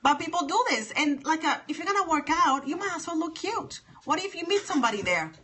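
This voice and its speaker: A woman's voice: very high voice, expressive, a little fast, bright, forceful tone, a little hiss or hum. A woman chatting live with viewers on her phone, emphatic and sassy, repeating her points. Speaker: livestream host. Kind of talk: casual livestream chat with viewers.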